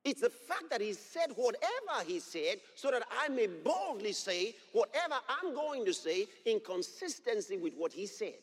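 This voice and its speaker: A man preaching with a high, lively voice that swings up and down. He drives key phrases home by repeating them, reads scripture in old-fashioned wording and builds to shouts. The sound rings with the long reverb of a large hall. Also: normal speed, few pauses. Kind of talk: sermon.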